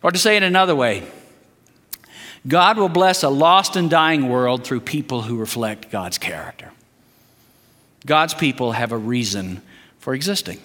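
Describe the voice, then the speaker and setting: A man's voice: medium pitch, lively intonation, a little slow, pauses often, a bit bright, in a large hall. A man preaching a sermon as a guest preacher, leading the congregation in call-and-response statements.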